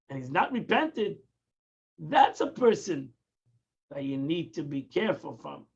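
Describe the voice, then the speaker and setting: High, gravelly-voiced man teaching Torah. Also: sing-song, unhurried, long pauses, dull audio. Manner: explanatory, repeats and restarts phrases, mixes in Hebrew terms. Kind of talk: daily Tanya lesson.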